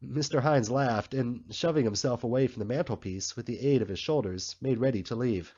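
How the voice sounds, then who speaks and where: Husky guy reading a story, measured, audio a bit dull. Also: medium pitch, mellow. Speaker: audiobook reader. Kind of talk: audiobook narration. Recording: slightly muffled recording.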